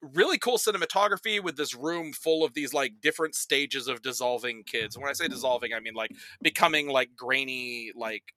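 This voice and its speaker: Bright, profane man recapping movies. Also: mid-range voice, brisk, hardly any pauses. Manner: rambling and profane, full of "like" and acted-out quotes. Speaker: podcast guest reviewing movies. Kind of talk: casual chat, animated movie recap.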